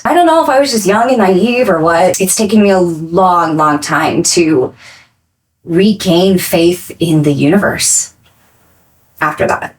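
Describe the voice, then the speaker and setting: A young adult woman speaking as a podcast guest, earnest and reflective, rushing some phrases and slowing on others. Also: lowish voice, poor audio. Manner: earnest and reflective, quick bursts between slow phrases. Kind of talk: candid interview talk.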